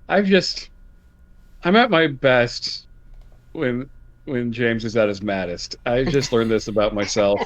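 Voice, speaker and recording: A man's voice: mid-range voice, lo-fi sound, a little hiss or hum. A man, a player in an online tabletop game, chatting enthusiastically and cracking jokes as he stumbles over words. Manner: enthusiastic, joking, self-interrupting. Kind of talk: casual chat about a tabletop game.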